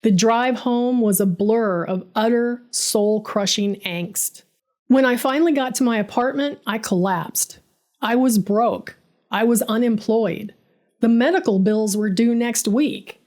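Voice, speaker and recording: A woman's voice: a little high, measured pace, a little mellow. A woman narrating her own first-person story, dramatic and bitter in tone.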